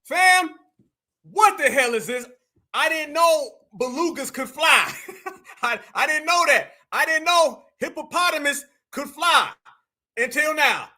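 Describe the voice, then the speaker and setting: A man hosting a live reaction show, talking in a loud, mocking, animated way and often shouting. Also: very high voice, slow pace. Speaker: online show host.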